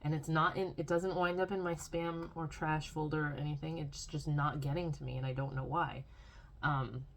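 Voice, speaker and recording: A woman's voice: low voice, steady tone, moderate pace. A young adult woman vlogging at home, rambling and complaining in a casual diary style with lots of filler words.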